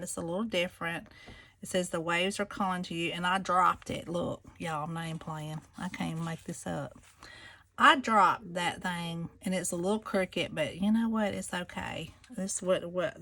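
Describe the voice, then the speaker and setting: Woman, gravelly vocal fry, gushing show-and-tell, faint background hiss. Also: fairly low pitch, fairly bright tone. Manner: gushing, chatty, addresses viewers as y'all. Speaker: craft seller showing planners. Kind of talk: casual show-and-tell vlog.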